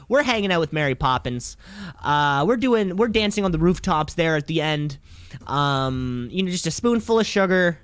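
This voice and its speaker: Co-hosting a podcast, this young man has a fairly high, clear, resonant voice with no echo. His casual chat is rambling and full of jokes, and he laughs frequently.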